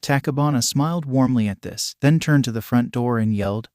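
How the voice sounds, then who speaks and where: A man narrating a fan-written story in a steady storytelling voice. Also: medium pitch, normal speed, few pauses, no room sound, clean studio sound. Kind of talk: reading a fan story aloud.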